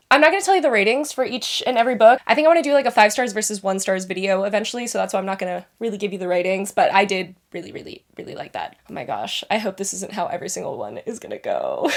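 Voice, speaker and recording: A young woman reviewing books in a casual, rambling vlog, with self-deprecating asides. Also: medium pitch. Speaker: book reviewer.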